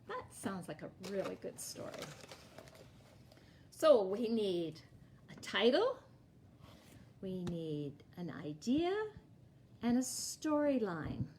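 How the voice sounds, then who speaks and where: A woman leading a library storytime, reading a picture book aloud and teaching young children in a clear, animated way. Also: fairly high pitch. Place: library programme room.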